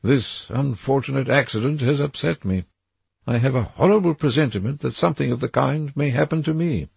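A man voicing an anxious, brooding young gentleman who speaks in a raised, pleading way. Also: mid-range voice, fairly quick, gravelly, breathy edge, dry recording, pitched above the performer's own voice, heavily acted.

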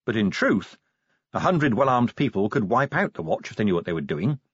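Man, audiobook narrator, husky, very lively intonation, dull muffled sound. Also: on the low side, fairly quick, no room sound. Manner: expressive, varied delivery. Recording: dull, muffled dry recording.

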